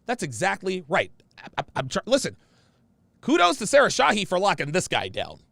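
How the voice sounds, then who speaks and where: Loud brash guy reading chat comments, high voice that swings all over, gravelly, dry close mic. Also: huge pitch swings, a little fast, no echo. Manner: brash, emphatic, repeats phrases. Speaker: show host reading viewer comments. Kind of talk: casual livestream commentary.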